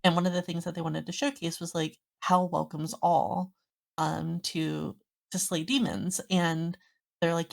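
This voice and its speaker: A woman's voice: fairly low pitch, flat delivery, measured pace, creaky. A woman guest on a podcast, chatting casually and rambling through a story with lots of fillers. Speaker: guest streamer.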